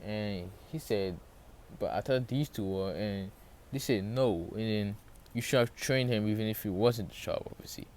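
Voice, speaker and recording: Man, low voice, sore throat, casual rambling storytelling, lots of fillers, faint background hiss. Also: moderate pace, a little mellow. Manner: rambling, loses track of names, many fillers. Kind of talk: casual fan-story retelling.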